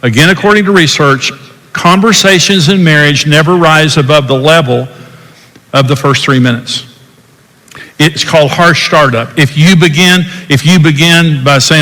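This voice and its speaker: Older guy teaching marriage stuff, earnest, punchy, bright voice. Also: fairly high pitch, moderate pace. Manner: earnest, emphatic, acts out quoted dialogue. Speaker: podcast host, marriage teacher. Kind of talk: teaching talk. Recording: long hall reverb.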